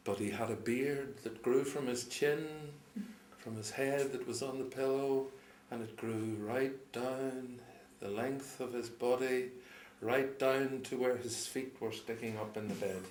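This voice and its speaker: A man telling a folk tale to a live audience, chuckling often and dropping into quiet voices for the characters. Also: mid-range voice, steady tone, a little slow, slight background noise. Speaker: storyteller. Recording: roomy live recording with audience.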